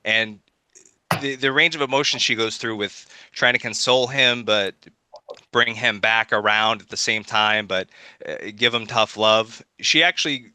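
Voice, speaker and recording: Sharp, dry-sounding man rebutting. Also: on the low side, fairly even intonation, moderate pace, smooth, dry recording. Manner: combative, rebuts firmly. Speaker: podcast debater. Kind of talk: casual debate chat.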